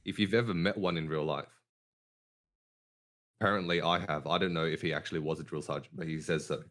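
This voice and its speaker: A man hosting a casual podcast, talking deliberately with a downward inflection at the ends of his sentences, over an online voice call. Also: extremely low pitch, fairly even intonation, a bit bright. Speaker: podcast host.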